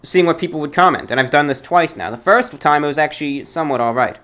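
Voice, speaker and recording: A man from the New York area with a British-New York blend accent, hosting a talk show and reading fan mail in a formal, measured, dry way. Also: on the high side, a bit bright.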